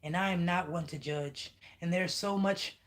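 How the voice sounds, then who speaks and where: A woman's voice: on the low side, fairly even intonation, moderate pace. A woman giving a livestreamed psychic reading to viewers. She speaks emphatically, keeps checking in with "okay?", and curses when she gets heated. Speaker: spiritual reader channeling messages.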